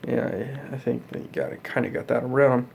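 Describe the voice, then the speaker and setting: Gravelly rambling young man vlogging. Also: mid-range voice, a little fast, darkish tone, slight background noise. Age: 20s. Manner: rambling, profane, full of fillers. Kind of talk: casual vlog monologue.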